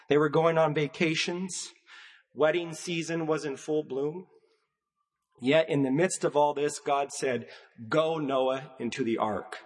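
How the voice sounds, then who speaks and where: A man preaching a sermon in a measured cadence, building his points through emphatic repetition. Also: on the high side, fairly bright tone, in a large hall.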